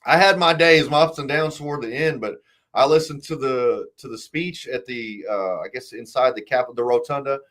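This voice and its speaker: A man's voice: medium pitch, moderate pace, a bit bright. A man as an interview guest, telling his story earnestly and emotionally, acting out the voices of the people he quotes. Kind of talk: conversational interview.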